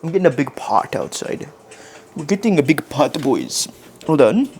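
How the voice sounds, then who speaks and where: A man's voice: on the high side, very animated, moderate pace, a little mellow, breathy edge. A man chatting casually while cooking on a live stream in his home kitchen, rambling and poking fun at himself as he talks to his chat.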